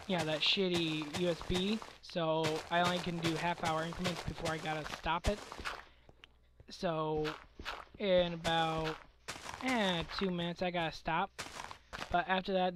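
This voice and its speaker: A young man with a scratchy, hoarse voice from a cold, rambling and ranting casually over a game he is playing, often correcting himself. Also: a little high. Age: young adult. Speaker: let's play commentator. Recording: faint background noise.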